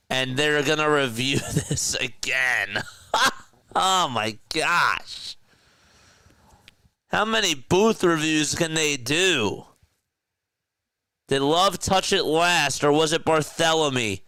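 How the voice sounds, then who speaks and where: Slow-talking South Jersey sports caller. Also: male voice, fairly high pitch, bright, forceful tone, smooth, no room sound. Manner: chatty, laughs at his own asides. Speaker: play-by-play commentator. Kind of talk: live play-by-play commentary.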